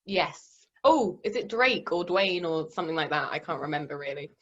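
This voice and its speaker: A woman's voice: low-pitched, expressive, normal speed, a bit bright. A woman guest chats casually about a film on a podcast. She talks in a loose, chatty way and leans on "like". Her audio sounds dull and lo-fi. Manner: chatty, says "like" a lot. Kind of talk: casual film review chat.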